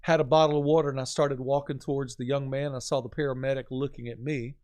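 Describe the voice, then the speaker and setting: A man who is a pastor, talking about faith in an earnest, animated storytelling way with a preaching cadence. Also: medium pitch, fast. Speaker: pastor, podcast guest.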